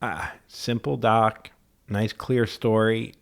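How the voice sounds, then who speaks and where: A man's voice: on the low side, little pitch movement, slow pace, gravelly. A young man co-hosting a comedy podcast, teasing his partner, laughing a lot and swearing casually. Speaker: podcast co-host.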